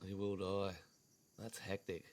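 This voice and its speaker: A man's voice: low-pitched, completely flat delivery, unhurried, darkish tone. A man hosting a casual podcast, laid-back with short reactions. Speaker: podcast host. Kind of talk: casual chat.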